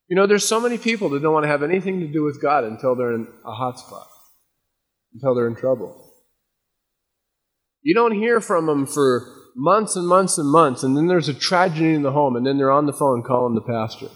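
A man's voice: fairly high pitch, lively intonation, a little fast, big-room sound. A male pastor giving a conversational sermon that moves between plain explanation and emphatic warnings. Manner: conversational preaching, emphatic warnings, acts out quotes. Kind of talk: expository sermon.

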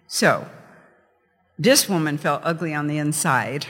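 A man's voice: on the high side, expressive, a little slow, long pauses, a bit bright, in a large hall. A man from California preaching a sermon, chatty and story-driven. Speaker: pastor. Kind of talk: sermon with a joke opener.

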